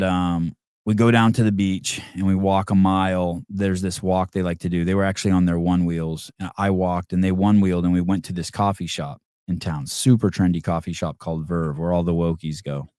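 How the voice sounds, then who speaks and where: A middle-aged man with a very low voice hosts a podcast and rambles through a casual story. He swears freely, restarts his sentences and leans on fillers. The recording is dry and close, with no room sound. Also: a little mellow, smooth, no echo. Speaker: podcast host.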